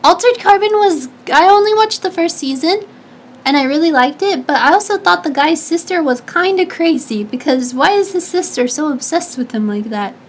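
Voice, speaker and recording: A woman's voice: very high voice, animated, normal speed, slight background noise. A young woman streamer and engineering student, chatting casually and giggling as she answers viewer questions, with lots of fillers and restarts.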